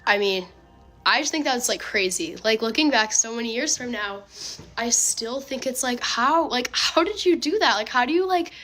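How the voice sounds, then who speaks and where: A young woman casually telling a personal dating story, chatty and animated, full of filler words. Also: a little high, normal speed, soft background music.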